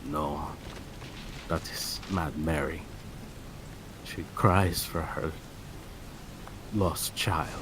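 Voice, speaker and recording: A man voicing a weary nobleman who lives in his late father's shadow, speaking in a formal, measured, sorrowful way. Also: rumbling low, fairly even intonation, background noise, pitched below the performer's own voice, exaggerated voice. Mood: somber.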